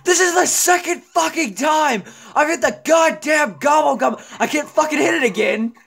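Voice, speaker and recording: A man giving let's-play gaming commentary, ranting and swearing, often bursting into yells. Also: very high-pitched, moderate pace, vocal fry. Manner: profane, ranting, bursts into yelling. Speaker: gamer.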